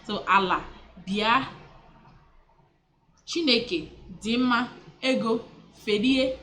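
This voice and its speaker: On the high side and fairly bright, a language teacher's voice guides a casual vlog on vocabulary. She repeats words slowly, corrects herself and keeps the talk chatty.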